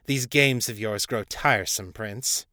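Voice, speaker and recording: A man voicing a proud, sharp-tongued female vampire queen in a storybook reading. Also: on the low side, unhurried, no echo, studio quality. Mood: impatient. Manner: snappish.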